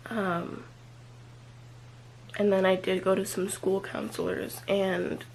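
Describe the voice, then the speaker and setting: A young female vlogger speaks in a mid-range voice with gravelly fry, sharing a personal confessional. She's hesitant, pausing often, leaning heavily on "like" and letting thoughts trail off. The low-quality recording carries a faint hum underneath.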